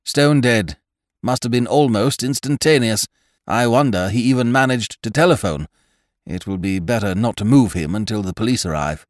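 Man reading as a deep-voiced, urgent doctor for an audiobook; dry sound. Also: moderate pace, dry recording, lightly acted. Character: brisk middle-aged male doctor.

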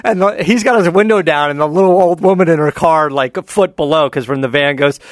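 A man co-hosting a podcast in casual chat, laughing often and telling animated stories. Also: fairly high pitch, fairly quick, few pauses, no room sound, clean studio sound. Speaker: podcast co-host.

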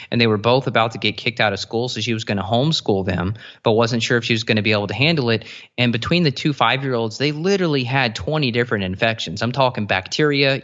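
A man in a casual interview explains things eagerly, piling up asides and restarting his sentences. His voice sits at an ordinary pitch. The audio is dull and a bit lo-fi. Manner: animated explainer, quick asides, many restarts. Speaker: guest nutritionist.

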